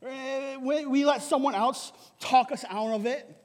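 A male pastor preaching a sermon in a lively way, often asking "right?" and laughing. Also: extremely high pitch, measured pace, long reverb tail. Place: church hall.

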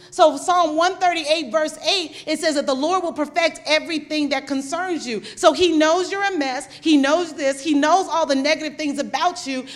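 A middle-aged woman pastor delivering a sermon, animated and conversational, acting out quotes and often restarting her sentences. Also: high voice. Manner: animated preaching with acted-out quotes and frequent restarts.

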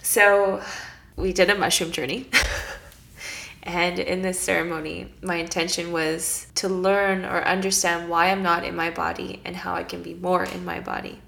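A woman's voice: fairly low pitch, little pitch movement, normal speed, vocal fry, fairly bright tone. A woman guest who leads spiritual circles, telling stories in an emotional, earnest way in a casual podcast talk.

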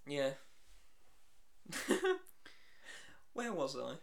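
A man's voice: medium pitch, sing-song, extremely slow, creaky, slight background noise. A man co-hosting a podcast, teasing his co-host and laughing often in casual banter.

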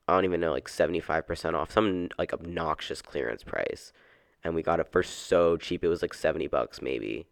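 A young man chats alone into a microphone on his couch for his podcast. His voice sits very low with a gravelly edge, and the sound is dry and close. He rambles, swears freely and gets worked up easily. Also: dry recording. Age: young adult. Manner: rambling, swearing, quickly exasperated. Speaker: podcast host. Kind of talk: casual solo podcast chat. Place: at home on a couch.

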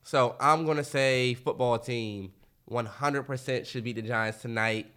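A man co-hosting a casual sports podcast, loud and trash-talking, swearing a lot. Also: mid-range voice, a little slow, clear, resonant tone. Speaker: podcast co-host.

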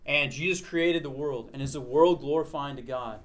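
A man teaching a Bible lesson to a small group. He reads scripture aloud slowly, then explains it in a conversational way, often checking in with "okay?". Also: medium pitch.

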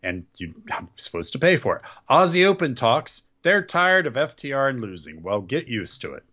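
Podcast co-host, male, sarcastic grumbler recapping shows; lively pitch, dull lo-fi sound. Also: moderate pace, slightly rough. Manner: sarcastic, complaining, trips over words. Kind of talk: casual wrestling recap chat.

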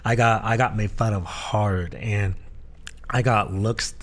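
Speaking slowly in a low, steady voice, this man shares personal stories in a relaxed chat. He co-hosts a podcast and serves as a pastor, and his earnest telling is full of restarts and filler words.

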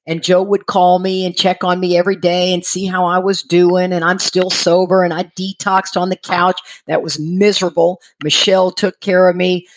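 A middle-aged woman casually telling a personal recovery story, animated and acting out what people said, laughing now and then. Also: on the low side. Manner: animated, acts out quoted voices, laughs while telling.

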